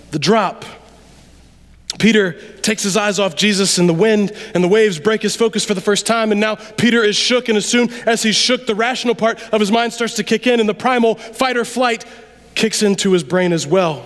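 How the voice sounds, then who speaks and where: A man delivers a sermon in a church sanctuary. He talks to the congregation in a lively, conversational way, sometimes dropping to a near-aside. His voice carries a long reverb from the large hall. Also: sits high, normal speed. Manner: conversational, animated preaching with sudden drops to quiet. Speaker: preacher.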